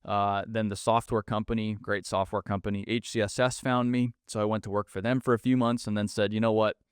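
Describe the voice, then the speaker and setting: A man's voice: on the low side, flat delivery, brisk, clear, resonant tone, no echo, clean studio sound. Blunt sarcastic male podcast host. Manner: blunt and sarcastic, mocking corporate speak. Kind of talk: solo podcast monologue.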